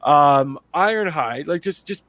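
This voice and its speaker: A man co-hosting a casual podcast chat, telling animated stories, laughing often and acting out other people's lines. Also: a little high, measured pace, no room sound. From Canada. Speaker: podcast co-host.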